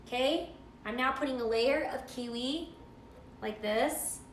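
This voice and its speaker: A woman's voice: sits high, unhurried, echoey room, slight background noise. A middle-aged woman hosting a live cooking stream, chatting and gushing while she reads viewer comments. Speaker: cooking show host.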